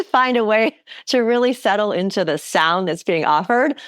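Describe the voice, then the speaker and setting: A woman's voice: medium pitch, moderate pace, no echo, studio quality. A woman hosting a wellness podcast, chatting casually and laughing often as she tells stories. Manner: giggly, animated storyteller. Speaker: podcast host. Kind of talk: casual interview chat.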